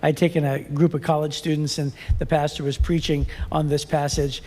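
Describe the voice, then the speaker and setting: High-ish gravelly guy rambling about scripture on a podcast, long echo trailing after. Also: flat delivery, normal speed, a little mellow. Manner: rambling, with fillers and restarts. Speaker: co-host of a Bible podcast. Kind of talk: casual chat.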